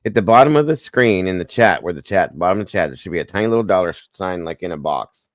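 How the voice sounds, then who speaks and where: A man's voice: deep voice, animated, fast, no room sound, studio quality. A man hosting a casual livestream, chatting and greeting viewers by name one after another. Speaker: livestream host.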